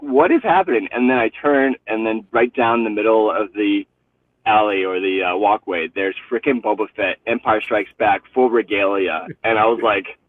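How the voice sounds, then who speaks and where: A man calling in to a livestream and telling a lively story with frequent laughter. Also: lowish voice, far from the mic. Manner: animated storytelling, laughing often. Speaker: guest caller. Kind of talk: casual chat. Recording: tinny phone-like line.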